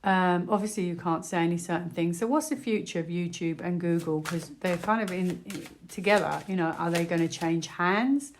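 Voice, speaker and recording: A British woman with a slightly low voice chats her way through a tarot reading. She rambles, circles back and fills pauses with easy conversational filler. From United Kingdom. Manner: rambling, chatty, many fillers. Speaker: tarot reader. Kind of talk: casual tarot reading vlog.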